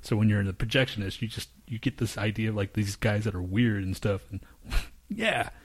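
A man's voice: lowish voice, lively intonation, brisk. A man co-hosting a podcast in a studio, telling rambling, profane stories in casual chat. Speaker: podcast co-host.

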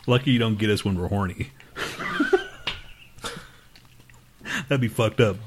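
A man's voice: fairly low pitch, drawn-out words, long pauses, slight background noise. A man hosting a podcast in casual chat, crude and joking, swearing often and laughing a lot. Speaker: podcast host.

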